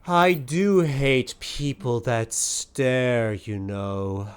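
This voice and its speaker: A man voicing a mysterious, powerful female sorceress who acts as a doting auntie, speaking in a soothing tone with a gentle undercurrent of menace. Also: mid-range voice, drawn-out words, clear, resonant tone. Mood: menacing.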